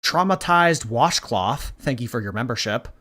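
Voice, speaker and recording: A man hosts a reaction show at an ordinary mid pitch. He replays a stream and mocks it in dry asides, laughing between remarks and reading out viewer messages. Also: expressive, normal speed, sharp tone. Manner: mocking and dry, laughing at the clip. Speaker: reaction channel host.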